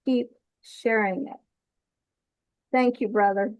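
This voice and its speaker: Brief: heartfelt woman, slow and measured, somewhat high voice, dry sound. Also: fairly even intonation, low-quality recording. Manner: slow, heartfelt, blessing others. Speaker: summit participant. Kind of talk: emotional video call remarks. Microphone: video call.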